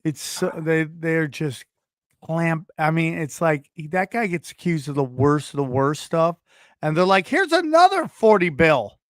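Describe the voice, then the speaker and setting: Teasing man, slightly high voice. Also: steady tone, unhurried, dry recording, clean studio sound. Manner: teasing, jokey. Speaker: podcast host. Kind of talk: casual podcast chat.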